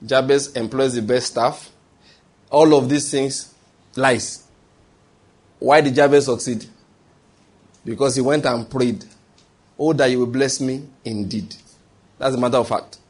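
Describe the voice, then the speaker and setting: A man's voice: mid-range voice, husky. A man preaching a sermon, emphatic, posing questions to the congregation and answering them himself.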